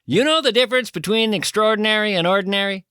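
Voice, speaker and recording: A man with a high, bright voice reads an ad in a playful, theatrical way. He is the show's host. The sound is dry and close. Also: quick pace, clean tone, no room sound. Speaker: host reading an ad. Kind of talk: comic ad read.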